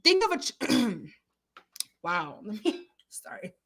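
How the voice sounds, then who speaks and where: A young adult woman hosting a casual livestream, chatting and answering viewers with emphatic, animated remarks. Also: mid-range voice, takes it slowly, slightly rough. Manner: chatty, emphatic, laughs often. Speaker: livestream host.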